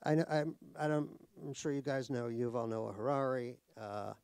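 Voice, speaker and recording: In a casual stage conversation at a cultural center event hall, a middle-aged New York author jokes wryly at his own expense and restarts frequently. He speaks at a moderate pace in a clean, slightly mellow mid-range voice with vocal fry and no room sound.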